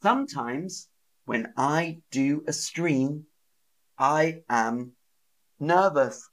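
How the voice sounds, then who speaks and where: A man teaching English on a live stream, repeating words slowly and acting out feelings with sighs and gasps for learners. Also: on the high side. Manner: slow, exaggerated, repeats words and sentences for learners.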